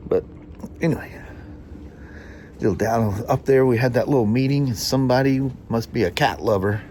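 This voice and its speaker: A man's voice: medium pitch, normal speed, long pauses, darkish tone, slight background noise. A man with a nasal, hay-fever voice, chatting casually as a motorcycle mechanic in a workshop vlog, rambling with restarts and small chuckles.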